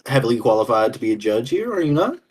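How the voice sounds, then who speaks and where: Husky-voiced man playing a calm lawyer. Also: mid-range voice, fast. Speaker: player. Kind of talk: playing a lawyer in a tabletop game.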